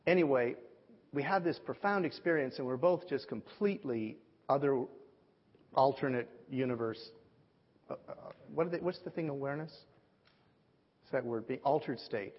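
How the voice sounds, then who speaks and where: A man's voice: mid-range voice, normal speed, long pauses, breathy edge. Man preaching in a reverberant hall. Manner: animated storyteller, acts out quoted voices. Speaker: pastor. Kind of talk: sermon storytelling. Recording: dull lo-fi audio with long hall reverb.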